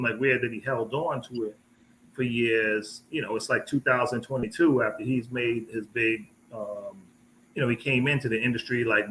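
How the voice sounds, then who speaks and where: A man's voice: medium pitch, sharp tone, slight background noise, poor audio. A man co-hosting a live online talk show, rambling casually and restarting his sentences often. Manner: rambling, full of restarts and fillers. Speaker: co-host. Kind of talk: casual live-stream chat.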